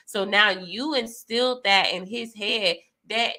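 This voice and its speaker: A young woman speaks frankly and plainly in a casual chat, slipping into slang. Her voice is bright and forward, sitting at an ordinary pitch. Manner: candid, frank, slangy, with quick reactions.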